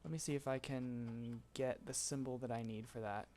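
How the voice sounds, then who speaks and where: A streamer teaching voicebank tuning explains vocal tuning in a relaxed live-stream tutorial, chatting and laughing with his chat between explanations. He has a medium-pitched voice and a moderate pace.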